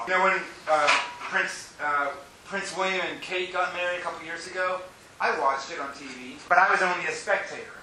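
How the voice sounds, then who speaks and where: A middle-aged man preaching with earnest conviction, his voice high and strikingly bright. He mixes personal stories with climbing, fervent emphasis. A faint hiss sits under the recording. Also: moderate pace, rough recording. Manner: personal storytelling with laughs. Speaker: pastor. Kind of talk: sermon.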